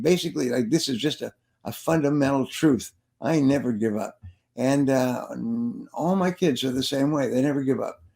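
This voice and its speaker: With a creaky, slightly mellow mid-range voice, this man shares stories during an interview. He works as a sales trainer and motivational speaker and keeps repeating his key phrases to drive them home.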